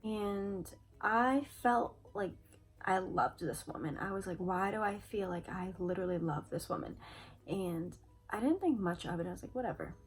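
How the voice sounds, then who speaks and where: A woman's voice: mid-range voice, lively intonation, moderate pace, breathy edge, poor audio. A young adult woman chatting to camera, telling a personal story in a casual way, full of "like" fillers and replayed conversations. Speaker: vlogger.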